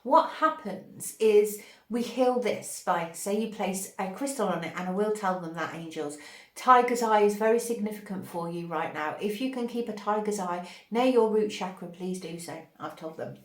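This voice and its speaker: A woman delivers an intuitive channeled reading for her spiritual channel. She speaks at a middle pitch, drifting from dreamy, searching pauses into gushing warmth. Her voice carries a roomy echo.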